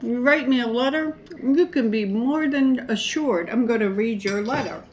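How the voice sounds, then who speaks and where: A middle-aged woman with a fairly high voice talks at a normal speed. She's a mukbang vlogger chatting casually to the camera while she eats, rambling in a folksy way.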